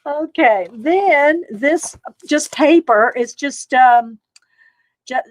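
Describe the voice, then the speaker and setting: A woman's voice: high voice, drawn-out words, a little hiss or hum, rough recording. A woman casually chatting through an art supply haul, rambling, reading viewer comments aloud and laughing a little. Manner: frequent fillers and little laughs. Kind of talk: casual live-stream chat.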